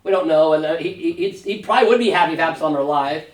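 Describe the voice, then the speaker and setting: A pastor leading a Sunday school Bible study, talking conversationally and often checking in with a quick "right?". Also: male voice, fairly high pitch. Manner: conversational, fond of tag question "right?"; animated when paraphrasing scripture figures. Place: church classroom. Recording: roomy church room, mic at a distance.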